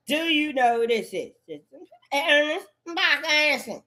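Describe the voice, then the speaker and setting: A woman's voice: high voice, expressive, a little slow, sharp tone. A woman in a rambling, profane monologue, full of cursing and repetitive outbursts.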